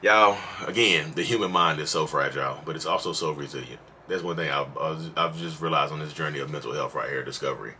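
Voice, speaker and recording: A man's voice: a bass voice, fast, few pauses, slight background noise. A man hosting a mental health vlog, giving casual, preachy advice straight to camera, repeating himself for emphasis and breaking into acted voices. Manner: preachy, repetitive, animated, slips into acted voices.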